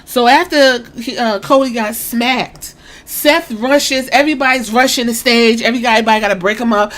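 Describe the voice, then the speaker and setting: An animated woman hosts a podcast and tells a story with plenty of excitement. She swears casually and talks in a loose, chatty way. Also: fairly high pitch, brisk. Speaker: podcast host.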